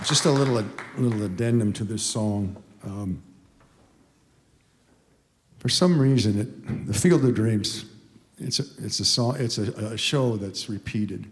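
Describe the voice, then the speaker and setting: On stage in a concert hall, a singer of about 80 tells a rambling story between songs in a lowish voice, with long reverb from the hall and a faint crowd in the background. His talk is halting and emotional, heartfelt and full of restarts and fillers.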